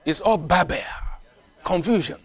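A man's voice: high-pitched, unhurried, a bit bright. A man preaching a sermon in a non-native English, emphatic and repetitive, with frequent exclamations of praise. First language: not English.

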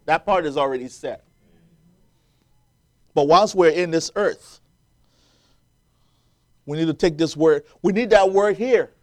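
A man's voice: on the high side, measured pace, long pauses, a little mellow. A man preaching a sermon, quoting scripture and building to emphatic, rising peaks as the congregation answers.

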